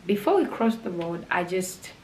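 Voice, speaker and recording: A woman's voice: lowish voice, moderate pace. Young woman doing a storytime vlog, laughs a lot, kinda echoey room with a little hiss behind her. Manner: animated, laughs often while telling the story. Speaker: vlogger. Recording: roomy with faint background noise.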